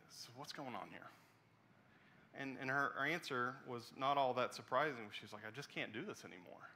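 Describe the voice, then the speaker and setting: A man preaching a sermon as pastor, telling a personal story earnestly and dropping to a soft hush at the tender parts. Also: medium pitch.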